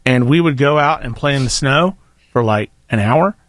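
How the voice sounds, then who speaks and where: A man's voice: medium pitch, moderate pace, fairly bright tone, no room sound. A man, co-hosting a radio show in a chatty, jokey way. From Alabama. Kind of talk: casual chat.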